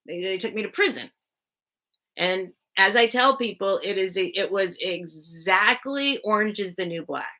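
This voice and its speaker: A woman's voice: medium pitch, animated, measured pace, pushed and bright. A woman hosting a live sale stream, casually telling a personal story to her chat, full of "like" fillers and greeting viewers by name.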